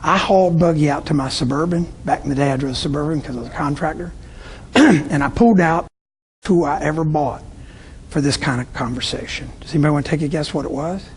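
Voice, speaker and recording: A man's voice: on the high side, quick pace, husky. A middle-aged man from Tampa, Florida, speaking to business owners in a storytelling sales talk and acting out his customers' voices. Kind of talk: sales talk to a live audience.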